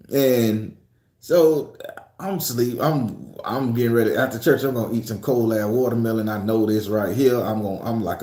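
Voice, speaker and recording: A man in his forties telling a profane, comic personal story, acting out voices and breaking into shouts. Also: mid-range voice, roomy sound. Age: 40s. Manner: animated, profane, acts out voices with bursts of shouting.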